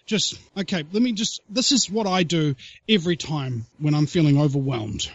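An excitable podcast host, his voice on the higher side for a man. He rambles through fillers and speaks straight to his listeners. The sound is dry and a little dull. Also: moderate pace, dry recording. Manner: addresses the audience directly. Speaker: show host. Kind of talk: casual podcast talk.

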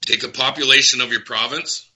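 A man speaks in a bright, sharp-edged voice, agitated and emphatic. He hammers his points home and repeats them, in the manner of a heated talk show rant. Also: medium pitch, steady tone, brisk, breathy edge, rough recording. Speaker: guest.

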